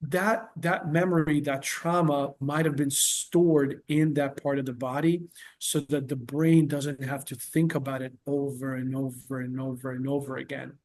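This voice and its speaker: A man's voice: medium pitch, little pitch movement, moderate pace, darkish tone. A man working as a therapist, talking in a casual interview and explaining earnestly with patient examples.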